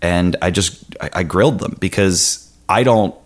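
A man's voice: sits low, normal speed. A man as a podcast guest, telling a long story in a casual, rambling way with many fillers and restarts.

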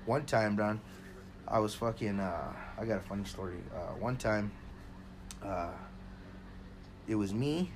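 A podcast co-host with a lowish voice tells a story in casual, profane chat, calling everyone "bro" constantly. He's excited and loud yet unhurried, with long pauses, over faint background noise.

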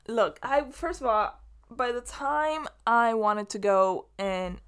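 A woman's voice: fairly high pitch, moderate pace, fairly bright tone, smooth. Young woman from LA rambling solo on her podcast, swears a lot, keeps restarting her sentences. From Los Angeles. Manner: rambling, chatty, swears freely, many restarts. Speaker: podcast host. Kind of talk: casual solo monologue.

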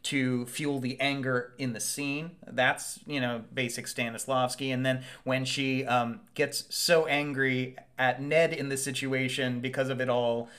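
A man's voice: medium pitch, little pitch movement, a bit bright. A male actor co-hosting a podcast, explaining in casual chat with many halts and restarts. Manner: halting, restarts, then explains carefully.

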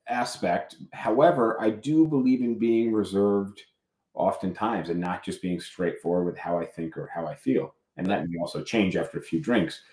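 Low-voiced man in a roomy echo. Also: darkish tone. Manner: hesitant, many restarts and fillers. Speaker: podcast co-host. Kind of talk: casual podcast chat.

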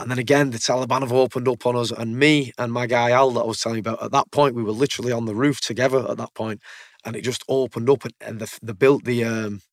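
A man's voice: mid-range voice, no room sound, studio quality. A man, a military veteran, telling stories casually in a conversation, blunt and swearing freely. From United Kingdom. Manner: blunt, swears freely, repeats words as he goes.

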